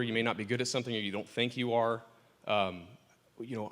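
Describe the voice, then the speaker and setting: A man's voice: mid-range voice, flat delivery, a little fast, fairly bright tone. Casting: man preaching loosely with jokes, church reverb trailing his voice. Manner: joking, conversational preaching. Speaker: pastor. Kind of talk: casual sermon. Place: church sanctuary.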